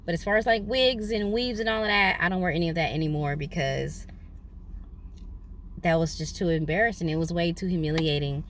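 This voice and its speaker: A woman's voice: brisk, slight background noise. A young woman vlogging from inside a parked car, telling a story animatedly into her phone. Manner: animated, dramatic retelling with big pitch jumps. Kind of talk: casual storytelling.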